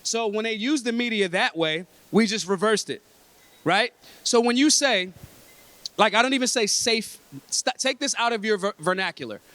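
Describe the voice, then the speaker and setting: A man's voice: high-pitched, moderate pace, bright, forceful tone, no room sound. A man from Philadelphia addressing a convention breakfast, talking in an emphatic, streetwise, freely swearing way. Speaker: convention speaker. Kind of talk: blunt, profane talk to a room.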